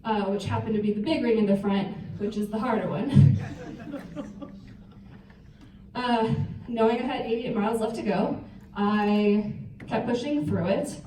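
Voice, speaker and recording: A young woman speaking at a retreat, telling a personal story to an audience in a lively, self-mocking way. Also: a little high, measured pace, a little hiss or hum. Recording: roomy hall, voice picked up from a distance.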